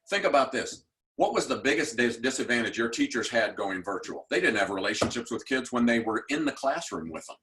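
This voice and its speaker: Man, 60s, education speaker; bright, pressing delivery, animated storyteller who questions the room. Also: medium pitch. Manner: animated storyteller who acts out quoted voices; direct, asks the audience questions. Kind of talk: motivational talk.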